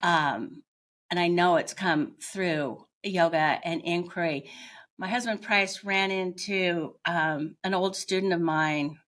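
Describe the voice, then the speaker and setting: A middle-aged woman, a podcast guest, telling her own story in a candid, reflective way and pausing often as she searches for words. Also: lowish voice, steady tone, fairly bright tone. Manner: candid, searching, with frequent pauses.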